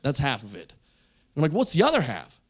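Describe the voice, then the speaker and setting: A young man doing stand-up storytelling on a comedy club stage, acting out the people in his story and yelling some punchlines. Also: mid-range voice, moderate pace, a little hiss or hum. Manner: animated, voices quoted friends, yells punchlines. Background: audience laughter.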